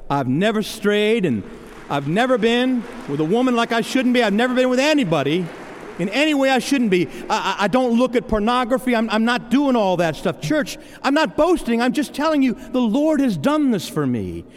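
A middle-aged man preaching from the pulpit in a church, his high voice rising and falling with lively swings. He speaks earnestly and personally, stammering and restarting as he testifies. The sound rings out with a long reverb through the hall. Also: normal speed, a little hiss or hum. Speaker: pastor. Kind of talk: sermon.

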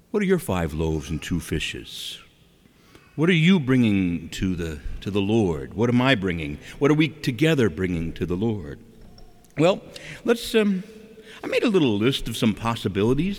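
Guy giving a chatty sermon, voice going up and down a lot, long church echo. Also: medium pitch. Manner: animated, asks rhetorical questions, acts out quotes. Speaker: preacher. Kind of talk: conversational sermon.

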